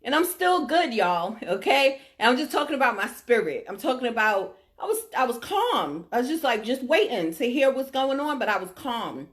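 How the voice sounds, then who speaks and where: A woman's voice: a little high, very animated, moderate pace, hardly any pauses, fairly bright tone. A middle-aged woman telling a personal story to her audience, emphatic and often checking in with her listeners. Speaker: vlogger sharing her diagnosis story.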